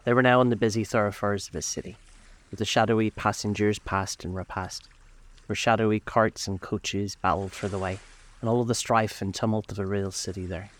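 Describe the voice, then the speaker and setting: A man narrating a classic novel aloud in a steady, even storytelling manner. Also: lowish voice, brisk.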